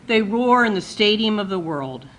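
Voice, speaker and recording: A woman poet reading her own poem aloud at a launch party, in a measured, cadenced delivery that drops low and soft at line ends. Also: lively intonation, rough recording. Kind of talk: poetry reading.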